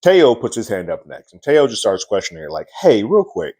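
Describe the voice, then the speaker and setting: A man's voice: lowish voice, sing-song, brisk, darkish tone. A man casually recapping a TV episode, talking loosely with lots of "like" and restarts. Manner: loose, chatty retelling with frequent "like" and restarts. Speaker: TV reviewer.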